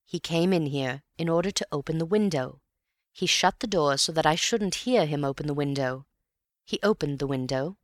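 A woman reading aloud, voicing an excitable young male amateur detective with theatrical outbursts. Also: deep voice, normal speed, dry recording, clean studio sound, natural voice. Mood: gravely explaining. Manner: exclamatory and theatrical, then grave explaining.

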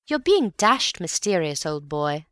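A woman reader voicing an eager young Englishman, a cheerful friend who talks in brisk, breezy upper-class slang. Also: deep voice, sing-song, a bit bright, smooth, dry recording, clean studio sound, exaggerated voice.

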